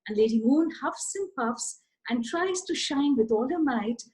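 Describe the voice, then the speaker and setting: A woman author telling a children's story in an animated, expressive way, addressing her listeners directly. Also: sits high, unhurried, slightly rough, poor audio.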